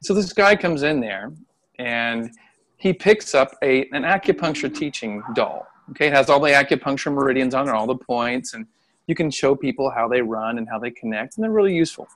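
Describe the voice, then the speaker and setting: A middle-aged man, a Chinese medicine practitioner, telling a story in casual conversation from home over a video call, animated and laughing often. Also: mid-range voice, a little fast. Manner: animated, acts out voices when quoting people, laughs often. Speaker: Chinese medicine practitioner and qigong healer, interview guest.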